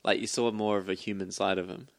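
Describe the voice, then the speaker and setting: A man's voice: lowish voice, fairly even intonation, fast, creaky, no room sound. A giggly man on a podcast. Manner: giggly, laughs through his sentences. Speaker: podcast co-host. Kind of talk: casual chat.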